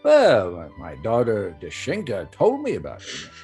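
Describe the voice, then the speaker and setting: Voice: medium pitch, huge pitch swings, a little slow, dark tone, faint music behind, exaggerated voice. An actor playing a flustered, debt-ridden older landowner in a stage play, stammering as he goes. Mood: fretful. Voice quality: husky, stammering. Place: theatre stage.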